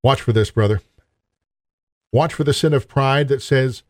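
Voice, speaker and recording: A man's voice: medium pitch, a little slow, pauses often, no echo, studio quality. A man preaching a sermon in an earnest, emphatic way, appealing directly to his listeners.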